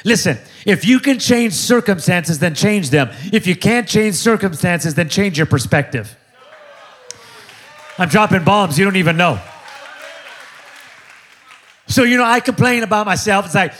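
A man in his forties preaching an energetic sermon, joking with the crowd and driving points home with call-and-response repetition. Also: sits high, unhurried, long pauses. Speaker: pastor.

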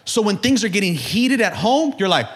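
Man, pastor, sermon, high voice, very animated pitch, shouting peaks, humorous call-and-response. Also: moderate pace.

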